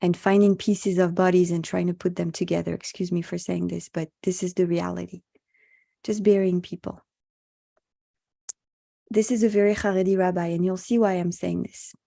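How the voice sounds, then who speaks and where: A woman's voice: lowish voice, gravelly, dark tone. A woman rabbi giving an earnest, reflective spoken teaching at an online meditation session, mixing in Hebrew religious terms, heard over a video call.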